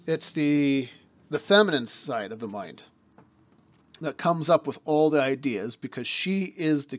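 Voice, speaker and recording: A man giving a spoken lecture as teacher of a mystery school, explaining ideas through everyday examples and talking in fits and starts. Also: medium pitch.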